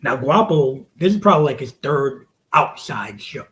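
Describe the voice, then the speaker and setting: Male wrestler, forties, from the United States: loose, profane, animated storyteller with a mid-range voice. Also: medium pitch, moderate pace, rough recording. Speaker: wrestler guest. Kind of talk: casual storytelling interview.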